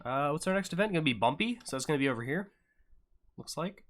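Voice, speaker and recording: Young male stream host; bright, punchy tone, loose joking commentary, pokes fun at himself. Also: on the high side, lively intonation, fast talker. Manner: joking banter with chat, self-deprecating. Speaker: livestream host and event commentator. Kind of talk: casual live-stream commentary.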